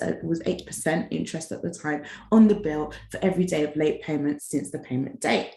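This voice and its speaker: A woman casually telling a story about a rude client, acting out the quoted lines with big jumps in her voice. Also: a little fast. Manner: animated, acts out quoted dialogue with big pitch jumps. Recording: roomy echo.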